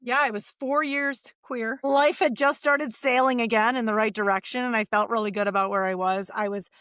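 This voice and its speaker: Podcast guest: woman in her forties, high bright voice, dry close sound, animated storyteller. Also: normal speed, no room sound. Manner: animated, acts out quoted voices. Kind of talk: casual storytelling interview.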